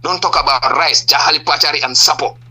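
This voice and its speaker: A political party leader with a Gambian accent gives impassioned answers in a radio interview, pressing point after point and firing rhetorical questions. His voice is a little high, fast, pushed, bright and husky, and the audio is poor.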